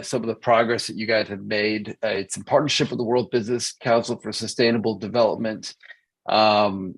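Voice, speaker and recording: Gravelly man hosting a video call. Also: fairly low pitch, poor audio. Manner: hesitant, filler-heavy, restarts. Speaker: meeting host. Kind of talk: casual online meeting chat.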